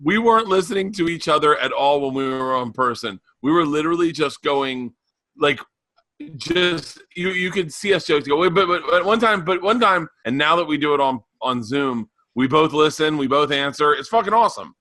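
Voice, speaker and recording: A man in his forties, a podcast guest telling animated stories in a raspy, loud voice. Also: on the high side, normal speed, no room sound. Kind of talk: casual chat.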